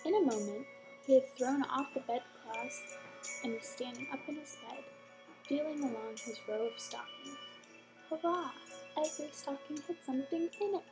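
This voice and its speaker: A woman reading a bedtime story aloud with gentle expression and soft whispered asides. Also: high voice, moderate pace, over music, rough recording.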